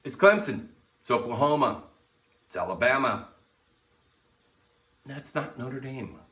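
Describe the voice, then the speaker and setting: A man's voice: mid-range voice, expressive, unhurried, fairly bright tone. A man hosting a casual sports podcast from his garage, brash and blunt, swearing freely as he runs through teams and picks. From United States. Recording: echoey garage, mic at a distance.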